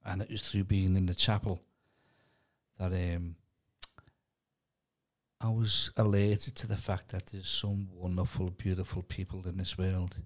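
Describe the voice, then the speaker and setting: Man w a really deep voice, podcast cohost, kinda halting and hesitant. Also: little pitch movement. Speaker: podcast co-host. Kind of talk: casual personal testimony.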